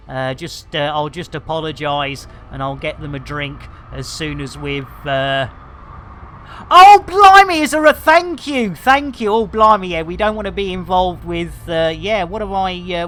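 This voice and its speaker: A woman chats with her viewers while playing a game, joking around and breaking into excited exclamations. Her voice is bright and forward, and she talks at an unhurried, drawn-out pace, full of fillers and trailing thoughts. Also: fairly low pitch. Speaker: game streamer. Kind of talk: casual live-stream chat while playing.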